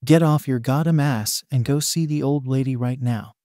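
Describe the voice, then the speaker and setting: A gruff, cursing teenage boy with a hot temper, read out by a man. He snaps in exasperation, every line laced with swearing. The voice sits at a middling pitch and sounds dry and close. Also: normal speed, dark tone, no echo, lightly acted. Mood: irritated.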